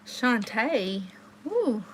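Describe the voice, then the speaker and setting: A young woman, hosting a casual livestream and chatting with viewers, telling stories and jumping into high exclamations. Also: big pitch swings, drawn-out words, slight background noise. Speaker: livestream host.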